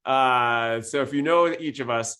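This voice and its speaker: A man's voice: medium pitch, measured pace, pushed and bright. Methodical man teaching data-driven planning. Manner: methodical and data-focused, stresses key points with some "uh"s. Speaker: real estate business coach. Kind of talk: instructional webinar talk.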